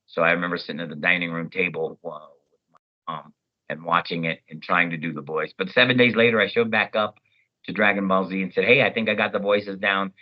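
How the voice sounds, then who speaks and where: A man, a voice actor, chatting as an interview guest and telling stories in an animated way. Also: low-pitched, fairly quick, lo-fi sound. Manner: animated, storytelling, jumps into character voices. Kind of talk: casual interview chat.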